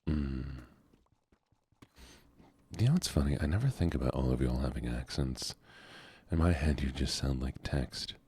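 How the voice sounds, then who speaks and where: Very deep, soft-spoken male streamer. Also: normal speed, long pauses, husky. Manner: soft-spoken, relaxed, chatting with viewers.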